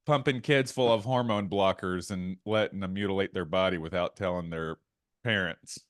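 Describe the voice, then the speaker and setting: A man's voice: low-pitched, moderate pace, no room sound, studio quality. A man co-hosting a casual podcast, talking animatedly and getting worked up, with asides and quoted bits. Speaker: podcast co-host. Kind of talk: casual chat.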